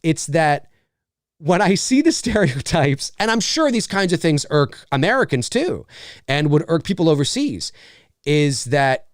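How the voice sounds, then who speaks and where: A man hosting a casual live stream, chatting in an animated way with many fillers and mock voices. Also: a little high, measured pace, dry recording, clean studio sound. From Canada. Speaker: live show host answering questions.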